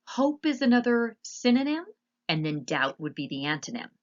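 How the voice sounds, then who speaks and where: A woman teacher narrating a slide lesson, explaining patiently and spelling words out slowly. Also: fairly high pitch, very animated, muffled recording.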